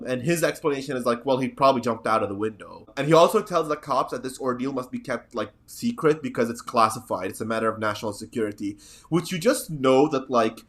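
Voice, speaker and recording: A man's voice: medium pitch, fast talker, a bit bright. A man hosting a podcast in casual chat, sardonic and rambling. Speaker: podcast host.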